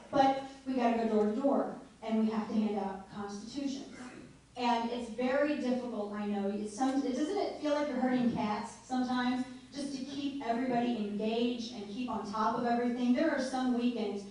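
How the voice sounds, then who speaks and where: At a political meeting, a woman invited as guest speaker gives a joking, informal talk to a live audience, chatting freely and laughing often. Her voice is a little high and slightly mellow, with fairly even intonation and a moderate pace. She's recorded from far off in an echoey meeting hall.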